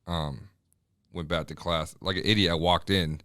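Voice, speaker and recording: A man's voice: sits low, steady tone, normal speed, sharp tone, no echo, studio quality. A male podcast guest telling stories casually, with blunt, crude humor. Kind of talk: casual storytelling.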